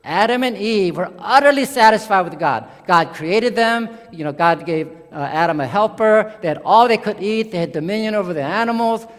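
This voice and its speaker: A male pastor delivers a sermon in a high, light voice, and the sound carries a long reverberant tail. He preaches conversationally, swinging from excited bursts down to low, hushed lines. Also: moderate pace, few pauses.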